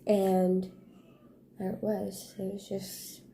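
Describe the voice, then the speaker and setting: Slow, gravelly, hushed woman vlogger. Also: mid-range voice, monotone, a little hiss or hum. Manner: halting, hushed retelling with pauses and restarts. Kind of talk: personal storytelling vlog.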